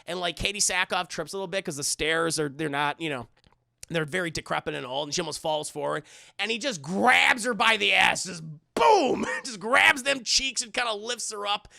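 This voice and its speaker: Crude, rambling man with a gravelly voice. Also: high-pitched, brisk, bright, forceful tone, no room sound, clean studio sound. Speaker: streamer. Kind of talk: casual movie recap to chat.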